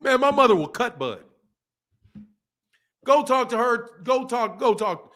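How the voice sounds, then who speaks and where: A man hosting a boxing livestream, talking in a slangy, animated way and laughing often while reading out viewer messages. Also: very high voice, measured pace. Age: adult, a father. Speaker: boxing channel host. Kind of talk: casual livestream chat.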